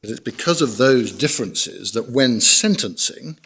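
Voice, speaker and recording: A man, a barrister presenting measured, formal legal argument in a court hearing. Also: mid-range voice, lively intonation, gravelly, fairly bright tone, husky. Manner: measured, formal, guides the bench through documents.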